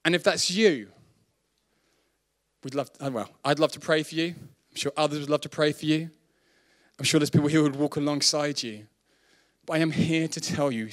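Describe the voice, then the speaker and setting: A man from the south of England preaching a sermon, who lifts his voice high when he quotes scripture and laughs off his own slips. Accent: Southern English. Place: church hall.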